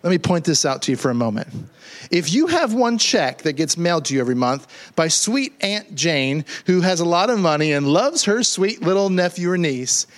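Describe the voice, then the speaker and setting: A man's voice: on the high side, big pitch swings, normal speed. A middle-aged man preaching a sermon as pastor, conversational and joking, often repeating words as he builds a point.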